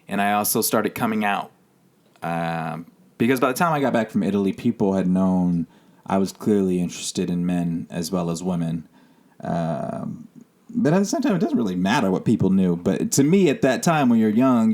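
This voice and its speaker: A thirty-year-old male podcast host with a low, somewhat dark voice tells a personal story. His monologue is candid and rambling, packed with fillers.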